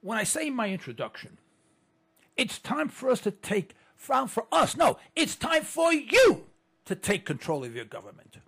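A man's voice: very high-pitched, wildly swooping pitch, normal speed, gravelly, fairly bright tone, slightly rough. A man hosting a political talk show, ranting fervently and repeating phrases for emphasis. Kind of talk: impassioned political monologue. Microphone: computer setup.

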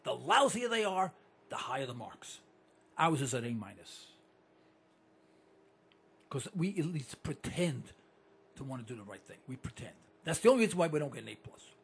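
A male radio talk show host, delivering an animated, ranting, opinionated monologue into a studio microphone. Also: mid-range voice, moderate pace, long pauses, husky. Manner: animated and ranting, with repeated catchphrases.

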